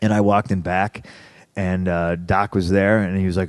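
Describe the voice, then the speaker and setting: A man, a podcast guest telling candid stories in a profane, heated, animated way. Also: deep voice, moderate pace, no room sound, studio quality. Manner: profane, heated, animated retelling with rising outbursts. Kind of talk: candid storytelling interview.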